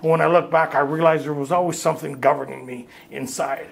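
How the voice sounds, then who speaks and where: A man's voice: a little high, steady tone, fast talker, creaky. A man speaking to a recovery workshop group, blunt and streetwise, telling his story and laughing at himself. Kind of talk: candid storytelling talk to a group. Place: retreat meeting room.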